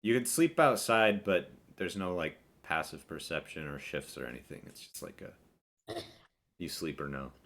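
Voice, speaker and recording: A man's voice: deep voice, normal speed, a bit bright. A man narrating as game master of a tabletop role-playing game, talking casually with frequent fillers and restarts.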